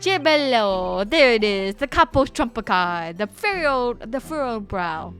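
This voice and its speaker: Showy Italian noble swindler, young man, bright voice, read by a woman. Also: a little high, animated, measured pace, smooth, faint music behind. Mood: boastful. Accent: put-on Italian. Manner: showy, theatrical. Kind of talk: reading game dialogue aloud.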